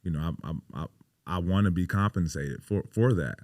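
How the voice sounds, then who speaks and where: A deep-voiced man in his thirties, a professional basketball player, guests on a podcast and tells stories casually and emphatically, with plenty of swearing and "you know" fillers. He speaks at a moderate pace with a slightly mellow quality. The studio sound is clean, with no echo.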